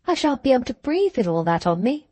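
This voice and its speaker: Playful young lady from a storybook, teasing, noticeably higher voice, as a woman reads her. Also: very animated, quick pace, a little mellow, dry recording. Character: lively young Victorian lady.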